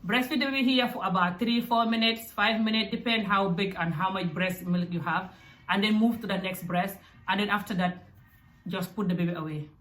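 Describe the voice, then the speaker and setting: A young woman from Africa talks straight to camera with lively, direct parenting advice. Her voice sits in a middle pitch range, and the room around her rings with echo. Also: brisk, slight background noise. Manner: animated and direct, with acted asides. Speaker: parenting vlogger. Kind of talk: casual advice talk. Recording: echoey room.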